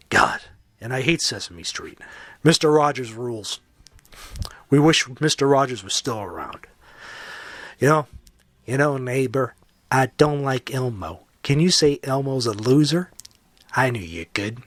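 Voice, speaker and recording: A man's voice: medium pitch, no echo. A man hosting a solo podcast, talking casually with opinionated, jokey asides. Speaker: podcast host.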